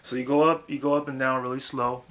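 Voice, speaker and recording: A young man giving a casual, profane, rambling lesson on vocal technique, breaking into loud demonstrations. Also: mid-range voice, flat delivery, fast talker. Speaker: vocal coach.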